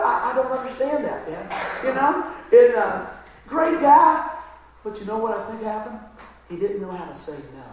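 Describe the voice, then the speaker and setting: A man's voice: high-pitched, big pitch swings, normal speed, slight background noise. Guy preaching from the pulpit, keeps asking amen, sounds far off from the mic. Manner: storytelling, emphatic, calls out "Amen?". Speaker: pastor. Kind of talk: sermon. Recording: very echoey room, mic at a distance.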